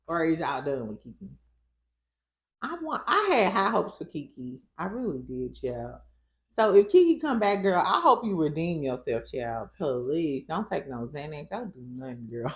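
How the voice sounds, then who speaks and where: A young woman with a St. dishes on a reality show in casual, profane commentary. Her voice sits low but swings widely, full of sass and bursts of laughter. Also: big pitch swings, normal speed. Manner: sassy, profane, laughs often. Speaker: reality TV recap host.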